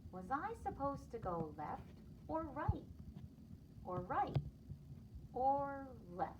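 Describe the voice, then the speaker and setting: A woman voicing a squeaky, muddled young bunny. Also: very animated, takes it slowly, far from the mic, noisy background, heavily acted. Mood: puzzled. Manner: high and squeaky, puzzled questions. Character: eager, forgetful young male bunny.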